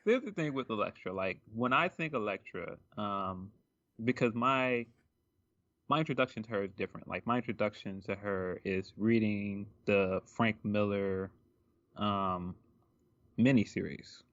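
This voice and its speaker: A man's voice: lowish voice, a little slow, a bit bright, no room sound, dull audio. A man co-hosting a podcast in casual chat, rambling with lots of ums and likes. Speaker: podcast co-host.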